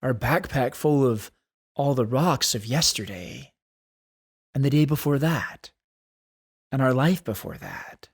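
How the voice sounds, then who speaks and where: A man hosting a solo podcast, talking in an earnest, thoughtful way and slowing down to stress key points. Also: medium pitch, lively intonation, slightly rough. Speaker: podcast host. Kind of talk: reflective solo podcast talk.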